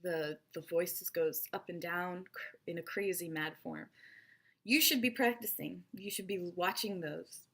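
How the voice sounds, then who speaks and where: A woman giving an online English lesson in a lively, expressive, playful teacher's voice. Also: fairly low pitch, a little slow, vocal fry.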